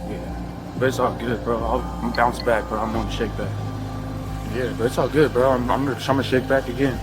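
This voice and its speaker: A man's voice: mid-range voice, little pitch movement, fairly quick. A man in his twenties speaking to police on body cam, mumbling and subdued, with casual slang. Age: 20s. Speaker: detained young man. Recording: body cam audio under music.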